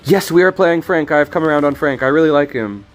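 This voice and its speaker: A man's voice: a little high, a little fast, soft background music. A man streaming a card game, talking through his plays in a rambling, jokey, self-deprecating way. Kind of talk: casual gameplay commentary.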